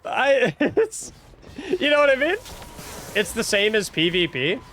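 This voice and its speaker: A young male streamer venting on a livestream in a high voice. His pitch leaps around as he gets exasperated, and he trips over and repeats his words. A faint hiss of noise sits underneath. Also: big pitch swings, unhurried, a bit bright. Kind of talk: casual livestream rant.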